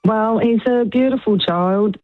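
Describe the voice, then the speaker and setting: A woman's voice: on the high side, a little slow, no room sound. A mother calling into a radio show, proud and emotional. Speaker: caller, mother. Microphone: phone. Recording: tinny phone line.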